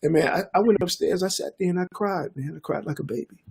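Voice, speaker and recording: An older man, a DJ and producer telling a story in a casual interview, animated and acting out the voices of others. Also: high voice, quick pace, vocal fry, breathy edge. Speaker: guest DJ and producer.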